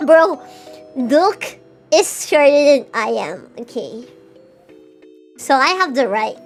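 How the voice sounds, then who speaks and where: Slow but very animated, a high-pitched young woman VTuber playfully teases viewers while reading super chats on her live stream, frequently stammering. Faint music sits in the background.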